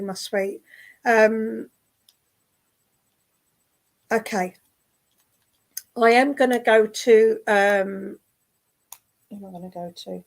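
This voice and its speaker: A woman working as a spiritualist medium in an online service, speaking gently and affectionately, with many fillers and restarts. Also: on the high side, rough recording. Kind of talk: clairvoyant readings in an online service. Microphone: video call.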